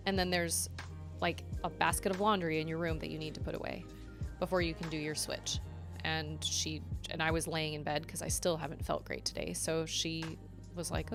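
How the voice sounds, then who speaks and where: A woman's voice: fairly low pitch, normal speed, music in the background. A woman in her thirties chatting casually to her viewers at home, rambling and laughing often. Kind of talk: casual chat. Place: home bedroom.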